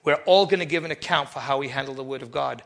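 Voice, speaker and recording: A man preaching a sermon as pastor, animated, with sudden loud emphatic bursts. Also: mid-range voice, quick pace, creaky.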